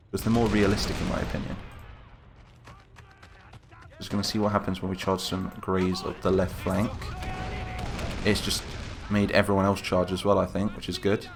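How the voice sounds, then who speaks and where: A man's voice: sits low, gravelly, noisy background. Chatty man over gunfire. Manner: chatty and excitable, talks to the troops. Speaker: gaming channel host. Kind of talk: casual game commentary. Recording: game gunfire and explosions behind voice.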